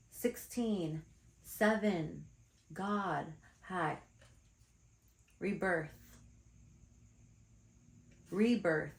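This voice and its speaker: A woman spiritual teacher talks straight to her viewers through a card reading, chatty and blunt, calling them her darlings. Her voice sits low with a gravelly edge. The room around her is echoey. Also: a little slow, long pauses.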